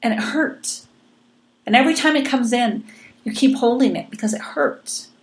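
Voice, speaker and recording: A woman's voice: on the high side, normal speed. A woman hosting a podcast, chatting earnestly and encouragingly, often repeating her words. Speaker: podcast host. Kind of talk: casual chat.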